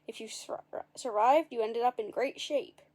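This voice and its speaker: A woman's voice: fairly high pitch, moderate pace, darkish tone. A woman reading a children's story aloud, with playful asides to the listeners.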